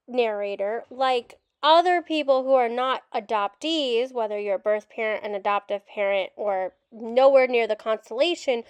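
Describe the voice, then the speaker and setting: A woman's voice: a little high, normal speed, few pauses, clear, resonant tone, no echo. A woman adoptee commentator reacting to a documentary, ranting in frustration and swearing openly. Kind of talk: reaction rant video.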